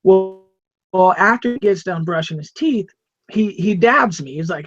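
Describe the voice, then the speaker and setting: A man co-hosting a podcast, telling a rambling, animated story in casual chat and repeating himself. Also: high-pitched, brisk, no room sound, highs cut off. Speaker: podcast co-host.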